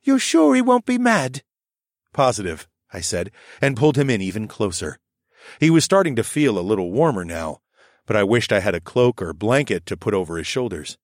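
A man's voice: fairly low pitch, lively intonation, fairly quick, no room sound, clean studio sound. A man narrating a story expressively in a scripted audiobook reading.

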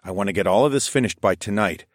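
A man narrating an audiobook in the first person and voicing the lead character, in a calm, measured way. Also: fairly low pitch, no echo, studio quality.

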